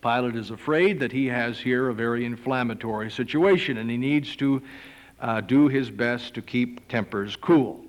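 A male preacher reading a Bible passage aloud and adding his own commentary, telling it like an animated story. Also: mid-range voice, moderate pace. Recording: long hall reverb.

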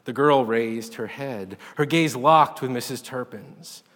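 A man narrating a literary short story in an expressive, dramatic reading style. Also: medium pitch, unhurried. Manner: dramatic, animated delivery. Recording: long reverb.

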